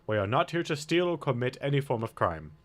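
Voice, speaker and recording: A man's voice: mid-range voice, sing-song, brisk, natural voice. A man voicing an earnest, polite young princess who speaks carefully and formally.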